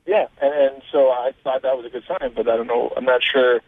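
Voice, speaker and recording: A man's voice: medium pitch, fairly even intonation, fairly quick, no echo. A man calling in to a radio show, unsure and repeating himself as he talks. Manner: uncertain, stammering. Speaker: caller on phone. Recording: tinny phone line.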